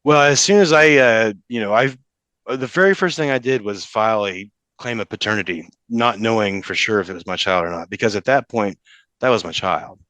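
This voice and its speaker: A young man with a low, forceful, bright voice talks as a podcast guest, halting and restarting as the emotion catches up with him. The sound is close and dry. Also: no room sound. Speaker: podcast guest, father in custody case. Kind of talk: casual interview talk.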